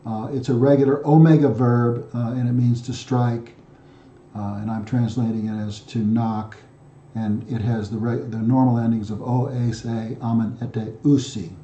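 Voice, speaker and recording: A man's voice: mid-range voice, flat delivery, normal speed, dark tone, reverberant, highs cut off, slight background noise. A man teaching Greek grammar step by step, methodical and repetitive, often restarting his sentences with fillers. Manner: methodical, repeats himself with frequent fillers and restarts. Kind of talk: explaining grammar exercises.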